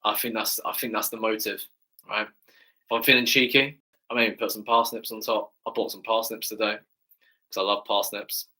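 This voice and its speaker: A man's voice: on the low side, little pitch movement, moderate pace, bright, forceful tone. A man with an English accent, a fitness coach chatting enthusiastically with viewers on a live stream Q&A, often tagging his sentences with "right?".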